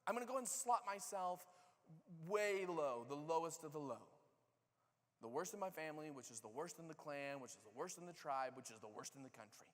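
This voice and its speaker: A pastor delivers a sermon in a church sanctuary, his slightly high voice echoing with the long reverb of the large hall. Speaking fairly quickly, he tells the story in a lively, casual style and acts out each character's lines.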